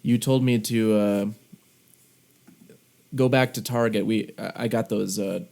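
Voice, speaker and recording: Lower-voiced man telling a chatty anecdote. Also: fairly even intonation, unhurried, creaky, a little mellow. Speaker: podcast co-host. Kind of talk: casual chat. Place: recording remotely on his own end.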